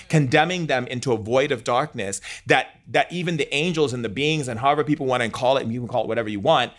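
An earnest man speaks in an interview with a mid-range voice. He is animated, peppers his talk with "like", and slips into acted-out dialogue as he explains. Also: mid-range voice. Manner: animated, earnest, uses "like" a lot, acts out dialogue. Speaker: guest speaking on spirituality. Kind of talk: interview conversation.

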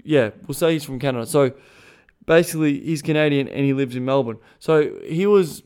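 Frank, smooth-voiced male podcast host. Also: fairly high pitch, brisk, darkish tone. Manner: frank and profane, emphatic, with frequent restarts. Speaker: podcast host and sexuality coach. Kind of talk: casual monologue.

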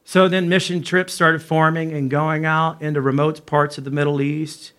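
Man, pastor, sermon storytelling, high voice, animated retelling. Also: moderate pace. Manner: animated, acts out dialogue in his story.

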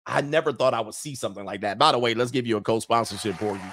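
A man's voice: mid-range voice, very fast, a bit bright, a little hiss or hum. A man hosting a livestream, giving blunt, slang-heavy opinions on viewer comments and laughing between his points.

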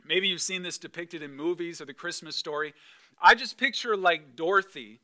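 A male pastor preaching a conversational sermon, animated and emphatic, with repeated phrases. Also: fairly high pitch, moderate pace.

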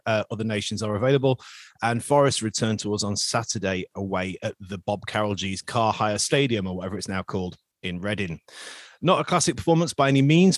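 A man hosting a chatty podcast, full of jokey, self-mocking banter. His voice sits at an ordinary middle pitch. The sound is dry and close, with no room around it. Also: no room sound. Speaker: podcast host. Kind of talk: casual podcast chat.

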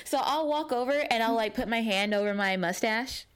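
A young woman with a slightly high, clear, resonant voice co-hosts a podcast at a moderate pace. She's an animated storyteller in casual chat, performing the quotes she relays.

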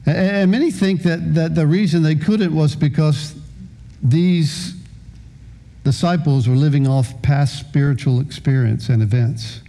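A man in his fifties preaching a sermon as pastor, with a halting delivery full of repeated words. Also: fairly high pitch, dark tone.

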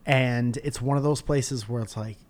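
A male podcast host in casual conversation, spinning animated stories. He swears freely and throws in jokes as he rants. His talk is loose and expressive. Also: mid-range voice, moderate pace. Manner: animated storytelling, profane and jokey. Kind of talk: casual chat.

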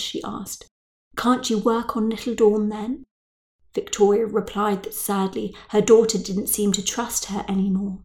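A woman narrating a written story in a measured, dry manner. Her voice sits at a middle pitch and keeps a steady reading pace.

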